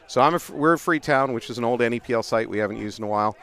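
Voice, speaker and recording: A middle-aged man, casually telling animated paintball stories as a livestream commentator outdoors. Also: mid-range voice, very fast. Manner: animated, laughing storyteller.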